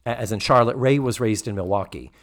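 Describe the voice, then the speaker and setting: A man casually recapping a sitcom episode as a podcast co-host, animated and swearing freely as he acts out the lines. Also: mid-range voice, fairly quick.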